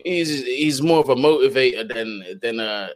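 A man's voice: medium pitch, normal speed. A man, a co-host in casual chat who chimes in with agreement and slang.

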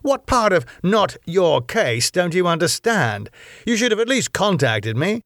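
A man's voice: sits high, big pitch swings, unhurried, fairly bright tone, no echo, clean studio sound, pitched above the performer's own voice, heavily acted. A man voicing a blunt, irritable male detective who speaks sharply. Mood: exasperated.

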